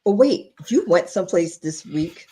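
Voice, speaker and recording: A woman's voice: fairly low pitch, lively intonation, moderate pace, a crowd in the background. A woman co-hosting a casual podcast, teasing and prodding her partner to tell a story. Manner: teasing, encouraging prompter. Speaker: podcast co-host. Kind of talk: casual chat.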